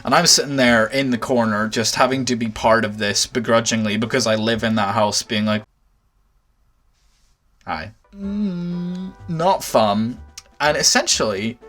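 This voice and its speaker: A young man telling a storytime anecdote, exasperated and swearing, with animated outbursts. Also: mid-range voice, a little slow, soft background music. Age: young adult. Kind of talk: storytime vlog.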